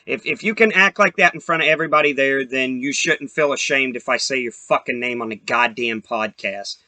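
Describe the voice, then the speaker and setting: A man's voice: medium pitch, a little fast, sharp tone, no room sound. A young man hosting a podcast, telling a story in a profane, heated, rambling way. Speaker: podcast host. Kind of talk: casual storytelling rant.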